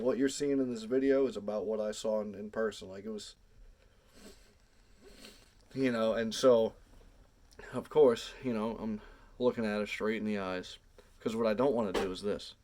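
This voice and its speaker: A man telling a personal story casually to camera, animated, drawn out and sprinkled with swearing. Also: on the low side, normal speed, long pauses.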